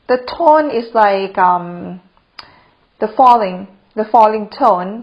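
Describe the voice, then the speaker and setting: A woman with a Thai accent teaching basic words as a language lesson, repeating each word slowly and laughing often. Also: on the high side, animated, low-quality recording. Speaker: tour guide teaching Thai.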